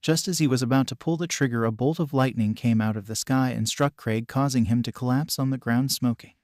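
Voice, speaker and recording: A man narrates a fan-written adventure story in a steady, even reading voice at an ordinary pitch. The recording is dry and close, with no room sound. He reads mechanically, at times speaking the punctuation aloud. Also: a little fast, no room sound. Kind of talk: scripted fan-fiction narration.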